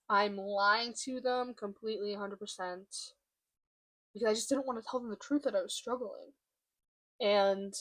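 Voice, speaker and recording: A young woman in a confessional vlog, speaking candidly and haltingly while holding back emotion. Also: medium pitch, fairly bright tone. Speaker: vlogger. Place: room by a window, at home.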